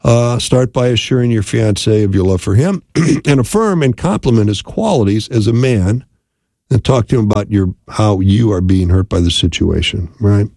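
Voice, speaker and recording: Male radio therapist host, low gravelly voice, calm counseling advice. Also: normal speed, dry recording, clean studio sound. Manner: calm, counseling, repeats "right?" often. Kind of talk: advice call-in radio talk.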